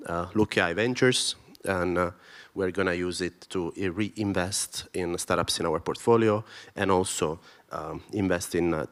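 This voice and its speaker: A man from Italy speaking on a conference panel as an investor, chatty and hesitant with many uhs. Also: low voice.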